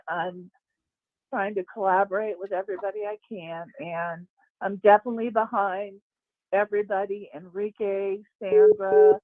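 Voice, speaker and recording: A woman calling in to a livestream, thanking supporters warmly. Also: medium pitch. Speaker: caller. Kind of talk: casual call-in chat. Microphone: phone line. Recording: tinny phone line.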